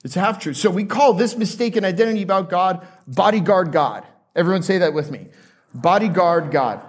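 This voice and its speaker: High-voiced joking male pastor. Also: expressive, fairly quick. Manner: conversational and joking, asks the congregation questions. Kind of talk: sermon. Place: church with a live congregation.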